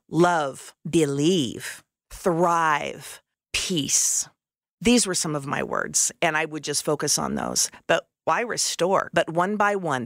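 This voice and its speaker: Low-voiced woman sharing an earnest testimony. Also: fairly bright tone, no room sound, studio quality. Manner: earnest, heartfelt storytelling with a smile in the voice. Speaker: podcast host sharing her testimony. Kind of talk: personal faith testimony.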